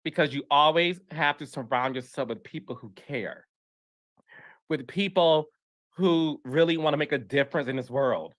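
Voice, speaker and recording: A man's voice: fairly high pitch, moderate pace, fairly bright tone. Emotional man talking on a podcast. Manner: emotional, earnest, repeats himself. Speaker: podcast host.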